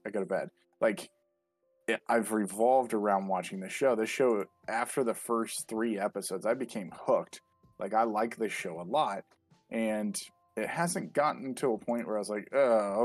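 A man's voice: fairly low pitch, normal speed, no room sound, faint music behind. A man co-hosting a casual podcast, talking about a show in a rambling, amused way. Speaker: podcast co-host. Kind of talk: casual chat.

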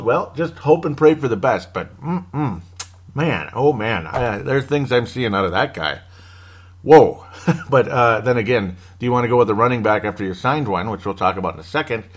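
A man hosting a casual sports podcast on his own, rambling and joking and cutting himself off with little laughs. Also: medium pitch. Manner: rambling, jokey, self-interrupting with laughs. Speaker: podcast host.

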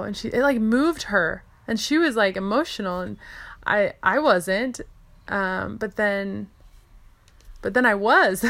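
A woman's voice: mid-range voice, gravelly, a bit bright. A young woman, a stay-at-home mom, telling a personal story in a chatty way, full of "like" and quoting herself and others.

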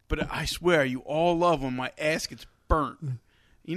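A young man co-hosting a casual sports betting show, animated and swearing freely, his voice jumping high when he gets worked up. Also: measured pace, dry recording, clean studio sound. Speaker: podcast co-host.

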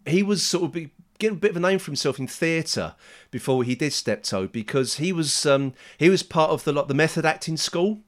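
A man chatting casually, rambling with many restarts and fillers as he recommends an old sitcom. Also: a little high. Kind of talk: casual chat.

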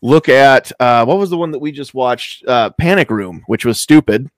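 Casting: man, mid-pitched, rambling, casual podcast co-host, dry close sound. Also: animated, moderate pace, dry recording. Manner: rambling, restarts often, laughs easily. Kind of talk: casual chat.

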